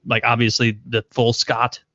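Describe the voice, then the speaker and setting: A male podcast host chats casually with his guest, laughing often and asking follow-up questions. His voice has a medium pitch. The recording is dry and slightly muffled. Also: monotone, moderate pace, bright, forceful tone, no room sound. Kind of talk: casual chat.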